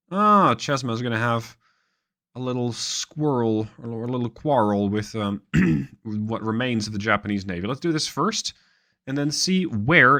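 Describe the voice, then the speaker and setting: A man's voice: medium pitch, bright, forceful tone. A man hosting a gaming channel, casually commenting on a naval strategy game while thinking aloud with dry, wry asides.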